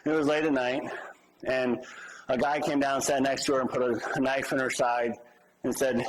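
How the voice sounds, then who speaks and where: A man's voice: medium pitch, little pitch movement, normal speed, a little hiss or hum, low-quality recording. A male pastor giving a conversational sermon with humorous asides.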